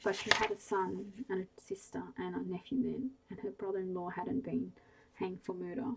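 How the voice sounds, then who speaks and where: A woman reading a bedtime story aloud in a soft, hushed ASMR style, slow and gentle. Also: medium pitch, steady tone, vocal fry, heavy background noise.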